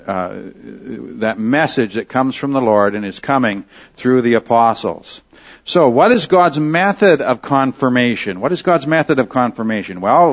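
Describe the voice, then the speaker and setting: Man giving a Bible lesson, lo-fi. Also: mid-range voice. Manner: explanatory, self-correcting, with rhetorical questions. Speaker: Bible teacher. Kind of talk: classroom Bible lecture.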